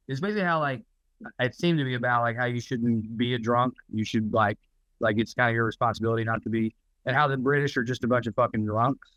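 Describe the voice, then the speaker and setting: A man's voice: mid-range voice, pushed and bright, smooth, no echo, poor audio. A man co-hosting a podcast, ranting in casual, profane chat. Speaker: podcast co-host.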